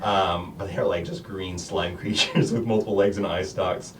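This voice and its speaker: A man's voice: sits low, fairly even intonation, moderate pace. A man narrating as game master of a tabletop game, rambling with many fillers. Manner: rambling, filler-heavy, laughing often. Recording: distant mic, faint noise.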